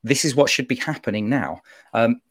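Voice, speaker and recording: A man giving an animated, opinionated monologue on a football podcast, often breaking off to mock-quote officials. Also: mid-range voice, moderate pace. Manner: animated, self-interrupting, mock-quoting officials.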